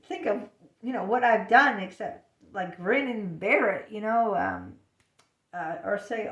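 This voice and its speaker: A woman's voice: mid-range voice, lively intonation, measured pace, a bit bright, recorded from a distance. A woman chatting casually about her own experiences, filling her talk with "you know" and acting out little snatches of dialogue. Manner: chatty, lots of fillers, acts out little voices. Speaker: talker sharing personal experience. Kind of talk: casual personal chat. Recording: echoey room, speaker away from the mic.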